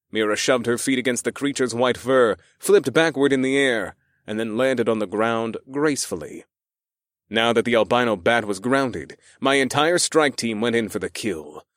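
A man's voice: medium pitch, dry recording. A man narrating a first-person fantasy audiobook with a dramatic, wry delivery on a close mic.

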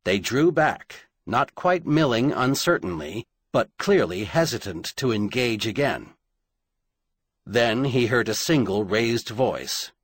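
Husky man narrating an audiobook. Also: mid-range voice, animated, no echo, studio quality. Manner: dramatic, measured storytelling.

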